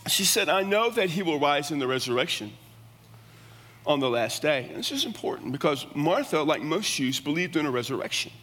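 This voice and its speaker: A man's voice: on the high side, sing-song, fairly quick, a bit bright. A middle-aged man preaching a sermon as a pastor, earnest and emphatic, often restarting his words. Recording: long reverb of a church hall.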